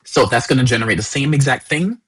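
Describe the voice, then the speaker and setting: A man teaches a live workshop in a husky voice at a middle pitch. He talks loosely, repeating words and leaning on fillers as he explains. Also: fast, fairly bright tone, rough recording. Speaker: workshop instructor.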